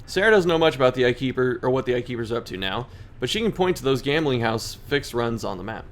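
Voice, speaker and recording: A man's voice: medium pitch, expressive, quick pace, a little hiss or hum. A man hosting a gaming video, reading in-game story text aloud and commenting on his turns, poking fun at his own mistakes. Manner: self-deprecating, laughs at own mistakes.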